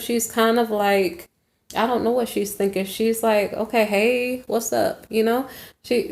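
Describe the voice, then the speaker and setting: This tarot reader speaks at medium pitch with a somewhat dark tone. Her reading for viewers is casual, full of rambling and self-corrections, punctuated often by "okay?" Audio carries a roomy echo.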